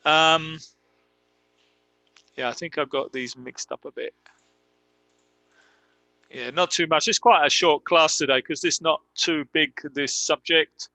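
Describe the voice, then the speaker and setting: A man giving an online English grammar lesson, talking unhurriedly with frequent ums. His voice sits a little high and sounds bright and crisp. The sound is dry and close, with no room around it. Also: fairly even intonation, dry recording. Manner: explains slowly with many ums, models example sentences. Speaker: English teacher.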